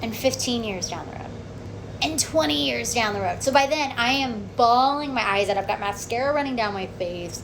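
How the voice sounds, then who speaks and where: A woman with a slightly high voice recounts her own experience in a chatty, animated vlog. She keeps checking in with "okay?" and peppers her talk with "like". A faint background noise runs underneath. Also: normal speed, gravelly. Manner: animated, acts out quotes, frequent "okay?" and "like". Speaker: vlogger. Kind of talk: casual personal storytelling.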